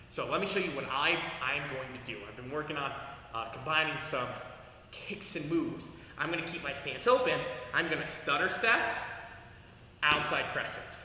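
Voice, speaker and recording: A man's voice: a little high, sharp tone, slight background noise. A young man leading an online martial arts class over a video call, coaching upbeat and giving commands. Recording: echoey hall sound from off-mic.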